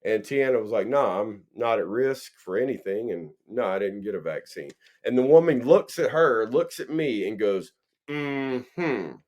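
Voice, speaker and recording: A man with a lowish voice talks at a moderate pace, barely pausing. He co-hosts a casual podcast, swearing freely as he tells animated stories and acts out the dialogue.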